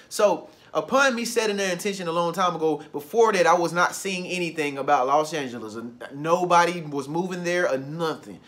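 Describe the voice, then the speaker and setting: A man's voice: sits high, fairly bright tone. A man vlogging a loose, conversational motivational talk, repeating phrases for emphasis.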